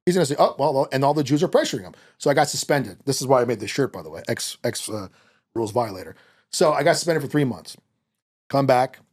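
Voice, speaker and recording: A man talking as a podcast guest in a fast, heated, profane rant. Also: mid-range voice, slightly rough. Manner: fast, animated, profane ranting.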